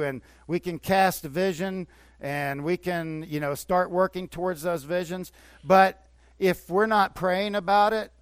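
A man preaching to his congregation. His voice sits a little high, swelling into emphatic bursts and dropping into quieter asides. The sound is dry and close, with no room echo. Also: clear, resonant tone. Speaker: pastor. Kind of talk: sermon.

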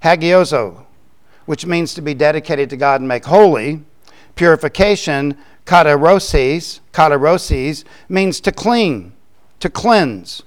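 A man preaching as a pastor, explaining scripture in a conversational way with quick asides. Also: on the high side. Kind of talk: sermon.

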